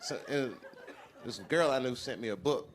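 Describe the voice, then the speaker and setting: A man doing profane stand-up comedy on a live stage, animated and acting out the voices of people he quotes. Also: medium pitch, normal speed. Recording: loud crowd laughter over noisy live sound.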